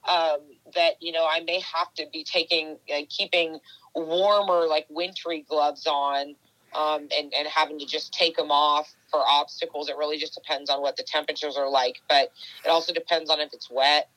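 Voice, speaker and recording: A woman's voice: sits low, level tone, moderate pace, a bit bright, dry recording, rough recording. A woman obstacle racer chatting casually in an interview, rambling with many fillers and restarts. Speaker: obstacle race athlete.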